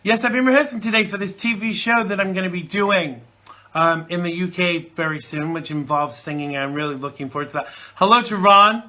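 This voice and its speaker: Still recovering from a chesty cold, a UK-based man hosts a live internet talk show, chatting and rambling with lots of fillers. He talks a little fast in a high voice with a bright, forceful tone.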